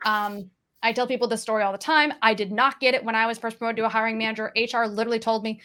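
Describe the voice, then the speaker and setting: Direct woman panelist, higher voice. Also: steady tone, bright, forceful tone. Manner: direct, practical advice in brisk lists. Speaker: sales coach and panelist. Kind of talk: panel discussion.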